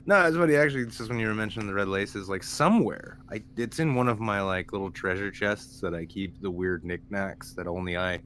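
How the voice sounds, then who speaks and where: A man co-hosting a podcast, telling rambling stories with dry, dark humor in a casual chat. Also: lowish voice, brisk, few pauses, a little hiss or hum. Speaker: podcast co-host.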